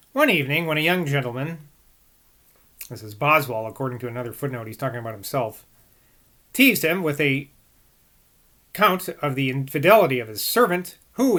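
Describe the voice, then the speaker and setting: A man's voice: a little high, bright, forceful tone. A man reading aloud from a classic book and breaking off to muse and second-guess himself between passages. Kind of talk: reading aloud with casual asides.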